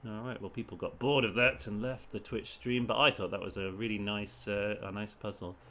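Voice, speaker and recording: A man's voice: on the low side, fairly even intonation, brisk, sharp tone. A man from the UK, a streamer thinking aloud as he solves crossword clues in short muttered bursts. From United Kingdom. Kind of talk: thinking aloud while solving.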